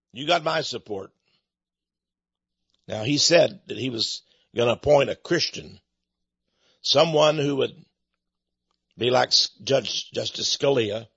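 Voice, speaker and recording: A man delivering an impassioned monologue, indignant, with loud angry outbursts. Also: sits high, slightly rough, no room sound. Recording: dry, dull lo-fi recording.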